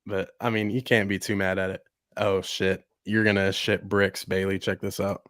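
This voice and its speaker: A young man hosting a podcast, chatting excitedly with lots of "like" and "bro". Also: low voice, normal speed, no echo, studio quality. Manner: excitable, heavy use of "like" and "bro". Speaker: podcast host. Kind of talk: casual chat.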